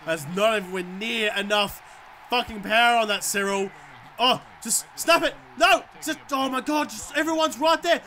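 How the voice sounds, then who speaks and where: A man giving excitable let's-play commentary, swearing and shouting at the game as he plays. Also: high-pitched, normal speed. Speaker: gamer.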